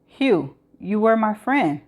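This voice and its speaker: A woman voicing a desperate young man who pleads and strains to sound calm. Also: medium pitch, slow pace, voice pushed up. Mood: desperate pleading.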